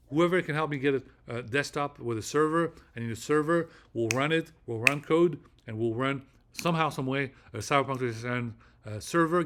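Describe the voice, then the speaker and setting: A man hosting a casual vlog monologue, rambling with many fillers and repeating phrases for emphasis. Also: medium pitch. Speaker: channel host.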